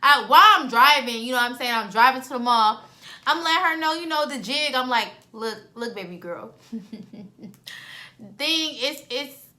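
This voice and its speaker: A young woman tells a story to her viewers in lively, slangy, conversational style. Her voice sits a little high and sounds bright and crisp. She jumps in and out of character as she acts out each exchange. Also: normal speed. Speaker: vlogger. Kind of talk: storytime vlog.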